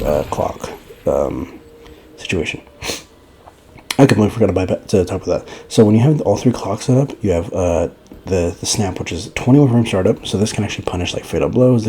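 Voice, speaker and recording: A man's voice: deep voice, mellow, a little hiss or hum. A young man giving casual, rambling gameplay commentary for a fighting-game guide, a little out of breath. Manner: rambling, loose, with many fillers and restarts. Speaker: gaming guide creator.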